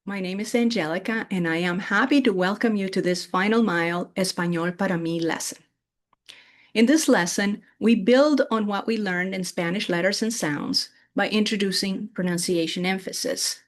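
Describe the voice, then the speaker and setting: A woman teaching a recorded language lesson, modeling words clearly for repetition and checking in with frequent "okay?" prompts. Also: mid-range voice. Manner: slow, deliberate, checks in with "okay?". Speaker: Spanish teacher.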